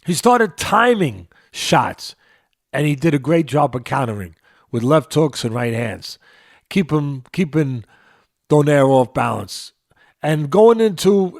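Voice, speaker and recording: A New York-accented man in his sixties, a boxing trainer who hosts a show, breaks down a boxing match on his podcast, emphatically repeating phrases for emphasis. His voice is a little high, and the recording is dry with clean studio sound.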